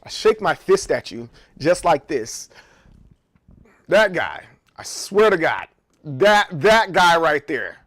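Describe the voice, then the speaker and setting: Male streamer, somewhat high and lively voice, rambling, playful, repeats himself. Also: slow pace. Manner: rambling, repeats words often; joking, playful. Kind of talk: casual live-stream chat.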